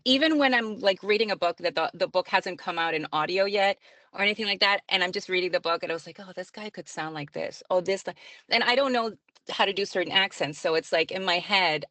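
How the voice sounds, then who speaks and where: A woman's voice: mid-range voice, sharp tone, dry recording. A woman who narrates audiobooks and works as a librarian, answering interview questions in a chatty way, often laughing and using fillers.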